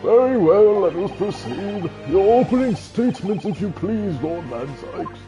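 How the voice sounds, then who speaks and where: A man's voice: high-pitched, big pitch swings, unhurried, voice pushed up, rough recording. A man voicing a stern elderly male judge presiding over court, with formal, commanding speech. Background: game music.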